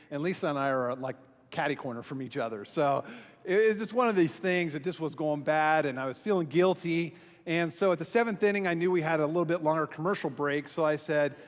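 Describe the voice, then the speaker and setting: A man, a pastor, telling a self-mocking story to a church audience and acting out the voices he quotes. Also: fairly high pitch. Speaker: pastor and small group speaker. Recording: long hall reverb from a live venue.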